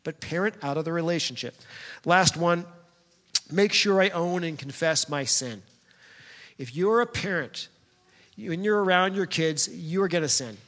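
A man's voice: on the high side, moderate pace, long pauses, a bit bright. A man preaching a sermon as a pastor, talking straight to the congregation in a conversational, storytelling way. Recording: long hall reverb.

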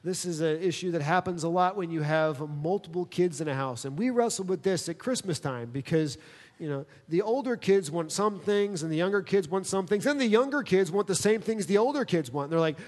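A middle-aged man preaching a sermon, animated and full of rhetorical questions, often mimicking other people's voices. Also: high voice, moderate pace. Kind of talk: sermon on parenting. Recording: long hall reverb.

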